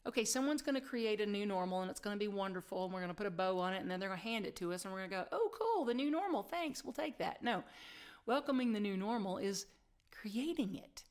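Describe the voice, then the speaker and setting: A middle-aged woman pastor preaching in a chatty, self-deprecating way, sometimes dropping to a soft whisper for emphasis. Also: medium pitch, fast talker, clear, resonant tone. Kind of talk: sermon.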